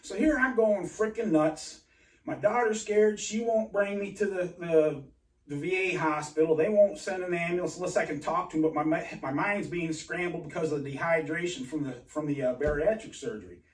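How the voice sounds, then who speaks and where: A man telling a rambling personal story in an agitated, halting way, full of restarts and swearing. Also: on the high side. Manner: profane. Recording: roomy and distant from mic.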